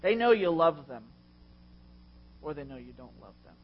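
A middle-aged man preaching a sermon as a pastor, passionate and confessional, with loud swells. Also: fairly high pitch, very animated, moderate pace, muffled recording. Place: church.

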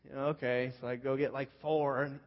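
A pastor from California's Central Coast tells a personal story during a sermon, his medium-pitched voice brisk and flat. He's loose, conversational, and self-deprecating, with lots of fillers, and the sound is muffled under long hall reverb.

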